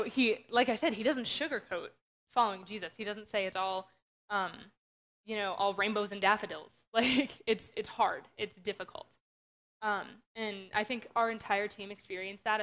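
A woman's voice: medium pitch, a bit bright. A young woman from Western Pennsylvania sharing her testimony in an earnest, conversational way with many fillers. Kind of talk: casual testimony talk.

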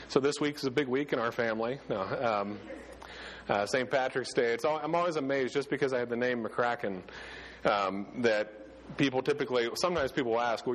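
Man, pastor, chatty sermon, stumbles and restarts, mid-pitched, long hall echo. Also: a little hiss or hum. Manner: conversational, many restarts and fillers.

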